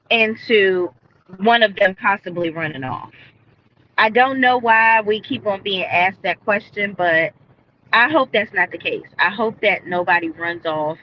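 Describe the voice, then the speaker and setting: A woman with a medium-pitched voice recaps a TV episode live for viewers, blunt and opinionated. She speaks into an earbud headset mic, and the sound is lo-fi with slight background noise.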